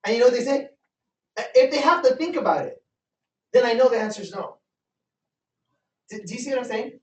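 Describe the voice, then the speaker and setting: Man, business trainer, motivational group talk, energetic, asks audience questions, roomy echo, distant mic. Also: extremely high pitch, a little fast, slight background noise. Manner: energetic, keeps asking the audience questions and repeats himself for emphasis. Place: meeting room with a live audience. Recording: echoey room from far off.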